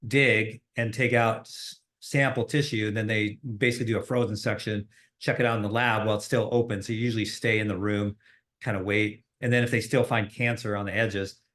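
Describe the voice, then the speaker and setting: A middle-aged man hosts a podcast, chatting casually about mentorship in a fairly low, slightly bright voice. His conversational delivery is full of fillers and restarts.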